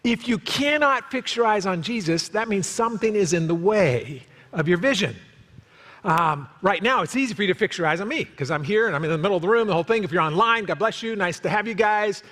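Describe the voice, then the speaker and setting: A pastor preaching in a church sanctuary, animated and quick to joke, slipping into quoted voices. His voice sits fairly high for a man. The sound carries a long hall reverb from the room around a stage mic. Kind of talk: sermon.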